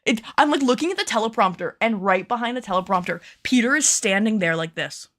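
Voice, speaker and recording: A woman's voice: on the high side, expressive, fairly quick, fairly bright tone. A woman who makes cosplay patterns, chatting on a livestream while she films, nervous on camera and thinking aloud with self-deprecating remarks. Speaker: cosplay pattern maker and streamer. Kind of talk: casual livestream chat while filming.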